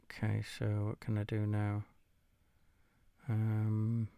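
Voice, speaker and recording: A man's voice: lowish voice, completely flat delivery, takes it slowly, creaky, mellow, clean tone, dry recording. A tired man, casually commenting while he plays a game of chess, muttering and swearing now and then. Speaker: gamer playing chess against the computer.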